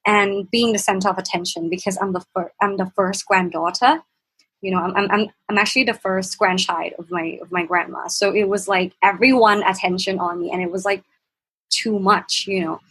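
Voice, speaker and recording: A woman's voice: mid-range voice, fairly even intonation, normal speed, fairly bright tone, breathy edge, poor audio. A young woman from Thailand with a Thai accent, a podcast guest telling a personal story in an earnest, reflective way as she searches for her words. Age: young adult.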